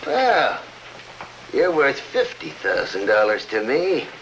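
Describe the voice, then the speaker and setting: A man's voice: mid-range voice, wildly swooping pitch, slow pace, fairly bright tone, heavily acted, poor audio. An actor playing a scheming, greedy gangster boss who gloats as he blackmails, in a 1940s radio drama with faint hiss. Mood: gloating. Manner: gloating, tough-guy snarl.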